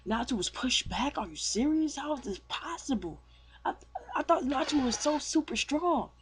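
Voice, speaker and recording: A man voicing a small, excitable male cat companion, shocked and disbelieving. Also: very high voice, moderate pace, slight background noise, voice pushed up, full character voice.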